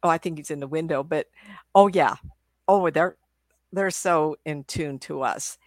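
An older woman telling stories as a psychic medium guest on a video call, animated and chatty, often laughing and restarting her sentences. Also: sits low, measured pace, no echo, clean studio sound. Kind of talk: casual interview storytelling.

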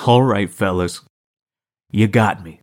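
A man's voice: fairly low pitch, slow. A man reading the lines of a sarcastic, cocky male publisher in an audiobook. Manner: sarcastic, mocking.

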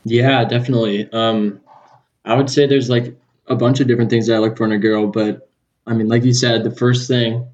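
A young man in his twenties with a Southern California surfer-style accent, answering questions in a laid-back, easygoing way. His voice is mid-pitched, and the audio is a little dull. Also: flat delivery, a little fast, darkish tone. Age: 20s. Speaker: podcast guest. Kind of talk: casual interview.

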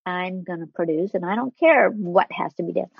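A woman guest speaking candidly and earnestly about a hard personal experience, with halting restarts as she talks. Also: lowish voice, creaky, breathy edge, no echo, muffled recording. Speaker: interview guest. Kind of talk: candid personal storytelling in conversation.

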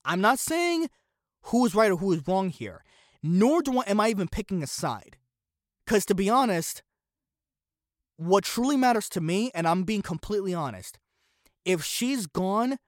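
A man's voice: high voice, no echo, studio quality. A man hosting a solo commentary podcast, opinionated and sarcastic, firing off one rhetorical question after another. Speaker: podcast host.

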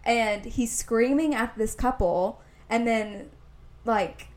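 In casual podcast chat, a young woman from Indianapolis, USA tells a long, meandering story packed with "like" as a co-host. Her voice sits on the high side with a darkish tone, and she talks slowly.

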